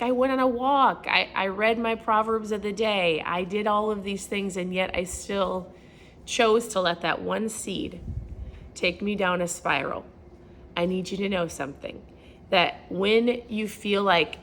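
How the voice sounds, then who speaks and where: A middle-aged woman talking casually to her viewers from home, telling a self-deprecating story and acting out what people said, laughing often. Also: slight background noise. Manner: animated storytelling, acts out quotes with big pitch jumps. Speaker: lifestyle vlogger. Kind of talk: casual motivational talk to camera.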